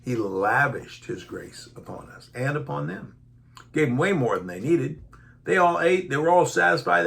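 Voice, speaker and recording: In a gravelly, slightly high voice at a moderate pace, a man delivers a Bible teaching sermon. He reads verses aloud, then retells them in folksy everyday language, animatedly acting out the disciples' voices.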